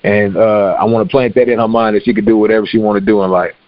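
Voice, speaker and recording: A man's voice: fairly low pitch, level tone, fast, dry recording, muffled recording. A man guest on a podcast talking cheerfully in a casual chat.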